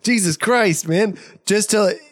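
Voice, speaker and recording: A young man hosting a podcast in casual chat, halting and defensive, restarting his sentences often. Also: high voice, no echo, clean studio sound. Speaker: podcast host.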